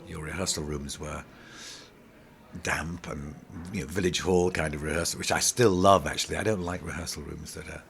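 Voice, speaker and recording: A middle-aged man, a pantomime actor, telling animated, rambling stories in an interview, full of restarts. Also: a bass voice, moderate pace, creaky, slight background noise. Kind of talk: casual interview storytelling.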